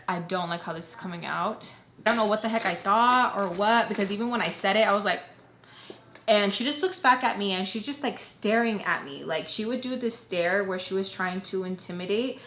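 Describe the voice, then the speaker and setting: A woman's voice: mid-range voice, fairly bright tone. A young woman vlogger telling a personal storytime in a casual, chatty way, often saying "like". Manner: chatty, fills talk with "like". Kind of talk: storytime narration. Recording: roomy echo, faint hiss.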